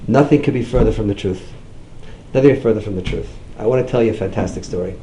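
A middle-aged man, a rabbi, giving a storytelling sermon, jumping up high whenever he quotes someone. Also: fast, echoey room, slight background noise, low-quality recording. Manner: animated, swings up high when quoting others. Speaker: rabbi giving a talk on outreach.

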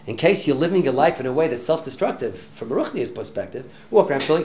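A man telling a story in a religious talk to an audience, animated and sprinkling in Hebrew and Yiddish words. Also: medium pitch, fast talker, hardly any pauses, a little hiss or hum. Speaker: religious teacher.

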